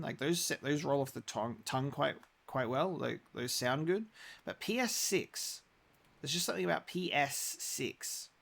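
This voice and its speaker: A man's voice: medium pitch, gravelly, a bit bright. A young man chatting casually while live-streaming a game, rambling with many restarts.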